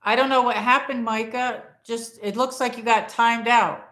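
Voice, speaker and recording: Her voice is fairly high and a bit bright, with fairly even intonation and a normal speed, and the room echoes. At home before a Christmas tree, she chats casually with viewers on a phone livestream, wandering between topics and reading their comments out loud.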